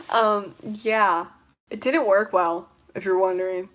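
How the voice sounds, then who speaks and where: A woman's voice: medium pitch, measured pace. A young woman chatting casually on a livestream, rambling with lots of fillers and frequent giggles. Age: young adult. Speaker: vlogger.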